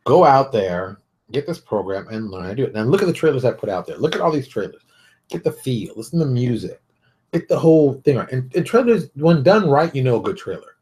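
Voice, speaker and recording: A middle-aged man hosting a show, giving blunt, animated advice in a casual monologue. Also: mid-range voice, brisk. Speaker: show host.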